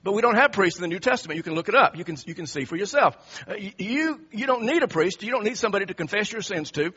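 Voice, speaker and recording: A man's voice: sits high, expressive, quick pace, pushed and bright, breathy edge, lo-fi sound. A man preaching a sermon in an emphatic way, often repeating and restarting his phrases.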